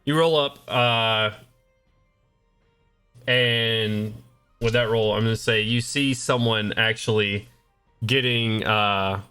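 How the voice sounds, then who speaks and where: A man's voice: lowish voice, fairly even intonation, slow, pauses often, pushed and bright, clean tone. A man narrating as game master of a tabletop game, rambling with many fillers. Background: faint battle music.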